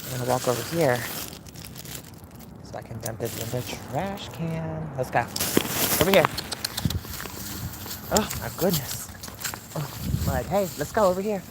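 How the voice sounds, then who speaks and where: A Mississippi woman livestreams from her phone on a city walk, chatting casually with viewers and coaxing her dogs between remarks. Her voice is deep and a little slow, with frequent pauses. Loud outdoor noise fills the phone audio.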